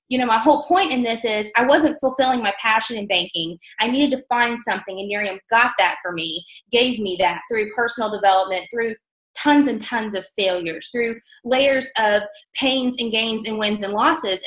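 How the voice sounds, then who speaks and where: A woman's voice: fairly high pitch, a bit bright, roomy sound, rough recording. A middle-aged woman giving a candid, chatty motivational talk to a sales team, full of fillers and self-deprecating asides.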